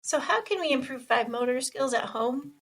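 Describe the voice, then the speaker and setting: A woman co-hosting a podcast who calmly explains and lists examples as an occupational therapist. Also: high-pitched, normal speed, recorded from a distance, low-quality recording. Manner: steady, explanatory, listing examples. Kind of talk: casual podcast chat, explaining.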